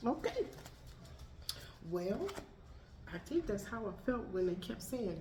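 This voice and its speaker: A woman's voice: lowish voice, very animated, a little slow, pauses often, a little mellow. A woman doing a casual tarot card reading, chatting and talking to her pets between cards. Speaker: tarot reader. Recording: echoey room, faint noise.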